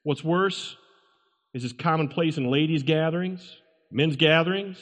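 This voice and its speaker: Pastor with a high-pitched voice, preaching emphatically from the pulpit; repetitive, questioning delivery. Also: male voice, a little slow, fairly bright tone. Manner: emphatic, repeats lines and asks rhetorical questions. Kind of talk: sermon. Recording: long reverb from a large room.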